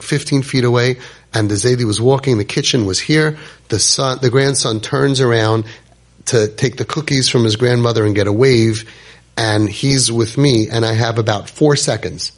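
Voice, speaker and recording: Husky-voiced man in his fifties telling a story. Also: mid-range voice. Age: 50s. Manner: animated, repeats phrases for emphasis, sprinkles Yiddish words. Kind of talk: dramatic personal storytelling.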